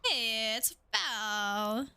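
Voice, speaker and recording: Woman, young adult, streamer, casual chat, bright tone, slightly high voice, playful, swears. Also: animated, drawn-out words, smooth, no room sound. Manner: playful, swears freely, laughs often.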